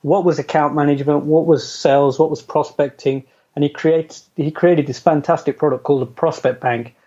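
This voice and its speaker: Middle-aged guy chatting about his career, laughs a lot, kinda high but mellow voice. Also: steady tone, moderate pace. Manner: chatty, self-deprecating, laughs often. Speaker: interview guest. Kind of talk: casual storytelling. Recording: dull lo-fi audio.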